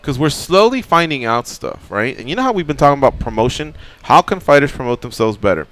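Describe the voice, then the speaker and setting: A male radio host talking with guests in a studio, chatty and quick with a joke, with a casual swear now and then. His pitch moves around a lot as he talks, and his voice sounds clear and smooth on the studio mic. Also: very animated, a bit bright. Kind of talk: casual chat.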